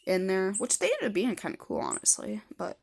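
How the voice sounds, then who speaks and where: A woman's voice: mid-range voice, wildly swooping pitch, a little fast, creaky. A woman in her thirties telling her own story to camera in a blunt, rambling way with heavy swearing. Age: 30s. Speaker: vlogger.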